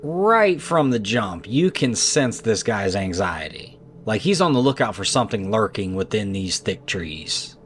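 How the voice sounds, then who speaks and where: A man's voice: on the low side, very animated, a little slow, hardly any pauses, a bit bright, a little hiss or hum. A man narrating trail cam clips in a scripted, conversational way with skeptical asides.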